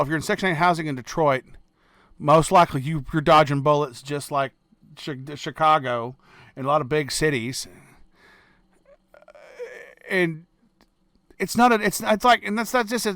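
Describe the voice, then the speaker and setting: A man's voice: fairly high pitch, a bit bright, no echo. A man with a Southern American accent reacting on his channel in casual commentary, blunt and profane, stumbling over restarts. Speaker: reaction video host.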